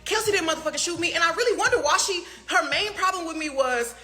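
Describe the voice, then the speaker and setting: Animated high-voiced woman ranting. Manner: profane, rapid-fire rhetorical questions; animated, with laughing asides. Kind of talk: heated social media rant.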